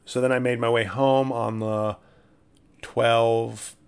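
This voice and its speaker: A man's voice: medium pitch, level tone, takes it slowly, creaky, smooth. A male comedian rambles through a solo podcast story, trips over his own sentences and pokes fun at himself. His voice sits in an ordinary middle register for a man. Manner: self-deprecating, rambling, frequent restarts and asides.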